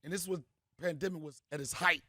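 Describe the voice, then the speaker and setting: A middle-aged man, a comedian host, telling stories in a punchy, animated way. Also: a little high, a little fast, dry recording, studio quality. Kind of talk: storytelling monologue.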